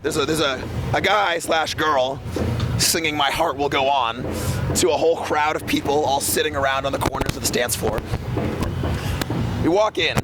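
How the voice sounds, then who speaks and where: A man's voice: on the high side, normal speed, loud music behind the voice, low-quality recording. A young man from the San Francisco area telling a rambling, profane tour story in a laid-back, casual way, with lots of fillers. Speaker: touring metal band member. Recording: loud traffic noise outdoors.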